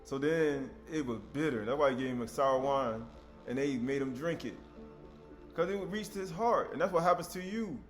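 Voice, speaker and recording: A man preaching a sermon in a conversational, animated way, with sudden loud outbursts. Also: mid-range voice, normal speed, soft background music.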